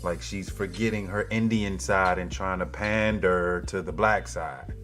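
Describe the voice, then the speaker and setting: Low-voiced man giving slangy commentary. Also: fairly even intonation, measured pace, a bit bright, soft background music. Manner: slangy, preachy, addresses viewers directly. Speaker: political commentary vlogger. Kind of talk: casual commentary to viewers.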